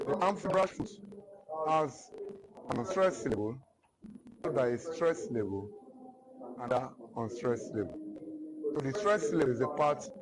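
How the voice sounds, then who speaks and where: A man with a Nigerian English accent teaching a literature lesson, speaking slowly and repeating each definition several times. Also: a little high, background noise. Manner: slow and repetitive, restating definitions. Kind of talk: classroom lecture.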